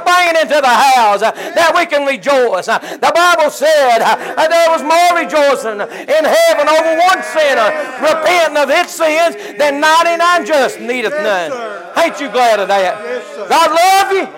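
A man's voice: very high voice, poor audio. An older man preaching an impassioned country church sermon, full of stumbling fillers. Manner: impassioned and tearful, with many uh fillers.

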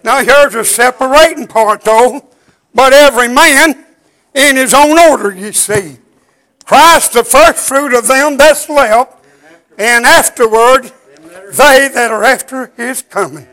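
An older man preaching a chanted sermon in a rhythmic, drawn-out cadence, out of breath and wheezy. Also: very high-pitched, pushed and bright, rough recording.

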